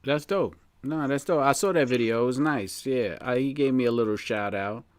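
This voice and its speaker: A man's voice: mid-range voice, normal speed, clear, resonant tone, no room sound. A man hosting a casual live podcast chat, laid-back and slangy, laughing often. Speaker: podcast host.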